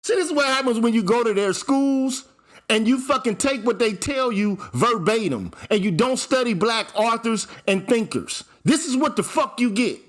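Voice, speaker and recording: A man's voice: extremely high pitch, lively intonation, normal speed, a bit bright. A man hosting his own channel, delivering a fiery, profane commentary rant that hammers the same point with repetition. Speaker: channel host. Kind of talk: ranting commentary vlog.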